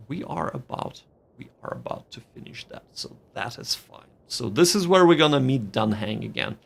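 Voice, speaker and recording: A man's voice: medium pitch, expressive, moderate pace, creaky. A man streaming a game and commenting casually, thinking aloud, repeating phrases and reading game text.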